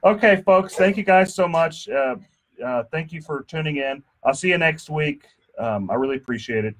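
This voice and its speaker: A man's voice: fairly high pitch, moderate pace, a little hiss or hum. A man hosting a casual radio talk show from a studio, chatty and joking, often restarting his sentences. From Texas. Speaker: radio show host and insurance attorney.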